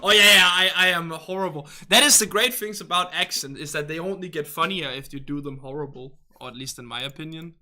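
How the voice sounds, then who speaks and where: Bright Danish-accented man chatting on stream. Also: a little high, a little fast, hardly any pauses. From Denmark. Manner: chatty, rambling, restarts and asks how to say words. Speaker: livestream host. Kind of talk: casual chat reading viewer comments.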